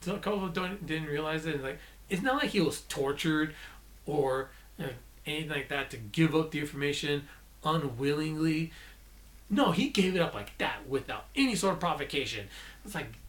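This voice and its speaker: A man with a slightly high voice rants casually about movie characters, sounding fed up. He rambles, restarts his sentences and corrects himself as he goes. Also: fairly bright tone. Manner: mocking quotes in a shrill put-on voice. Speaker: movie vlogger. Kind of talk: casual ranting movie review.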